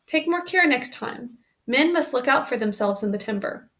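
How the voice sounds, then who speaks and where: A stern, practical farm father, read by a woman in her own gravelly voice, handing out measured advice plainly and calmly. The storybook voice sits a little high. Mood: firm.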